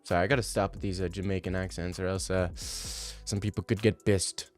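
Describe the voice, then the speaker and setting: A young man in his twenties giving casual, animated and mocking commentary over fight replays. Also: low-pitched, normal speed, soft background music. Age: 20s. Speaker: video commentator.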